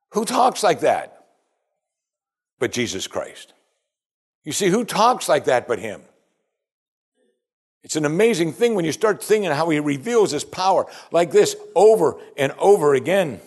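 A man's voice: a little high, sing-song, measured pace, long pauses, darkish tone. A man preaching a sermon, talking emphatically and asking rhetorical questions again and again.

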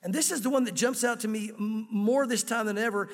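A man's voice: sits high, brisk, long reverb tail. A male pastor preaching a sermon, earnest and direct, putting rhetorical questions to his listeners.

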